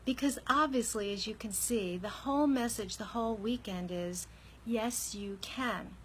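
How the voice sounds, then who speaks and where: A woman with a fairly high voice tells a personal story straight to her viewers. Her delivery is candid and conversational, with an animated lilt as she recounts events. A faint hiss sits under the recording. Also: moderate pace, low-quality recording. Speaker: vlogger.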